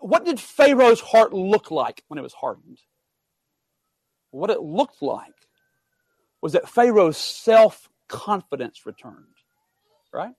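A man preaching a sermon, earnest and emphatic, building up then dropping to quiet asides. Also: sits high, dry recording.

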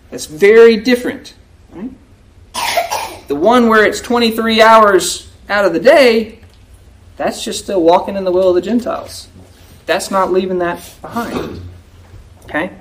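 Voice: mid-range voice, lively intonation, normal speed, fairly bright tone. A preacher giving a conversational sermon in a folksy way, often asking the congregation "right?" and acting out quoted prayers. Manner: folksy, keeps asking "right?" to check in with listeners; acts out quoted prayers and remarks in a raised voice.

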